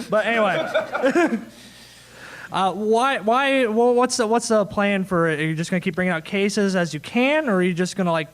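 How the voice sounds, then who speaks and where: A man's voice: high voice, fairly bright tone. A man moderating a convention panel in casual chat, joking and laughing between questions. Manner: joking, laughing, quick asides.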